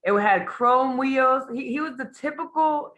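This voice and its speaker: A woman student sharing personal stories in a class discussion, animated and acting out the voices of the people she quotes. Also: sits high, unhurried.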